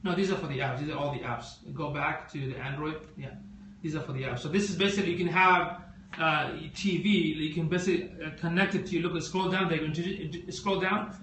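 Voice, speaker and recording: A man's voice: a little fast, fairly bright tone, a little hiss or hum. A man hosting a casual live stream, chatting with viewers and asking them lots of questions as he walks through tech products. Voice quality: squeaky voice. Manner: chatty, addresses viewers directly, asks many questions.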